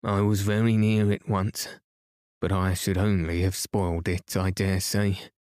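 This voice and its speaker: A man reading a slow, good-natured carrier. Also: deep voice, flat delivery, a little mellow, clean tone, dry recording, clean studio sound. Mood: mild, puzzled.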